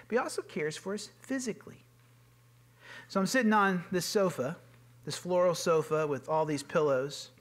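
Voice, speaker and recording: A pastor delivers a sermon in a loose, conversational way, his voice sitting high for a man. He is earnest and informal, often doubling back on words and filling gaps with casual asides. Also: a bit bright. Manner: informal and earnest, with frequent fillers and repeated words. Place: church sanctuary.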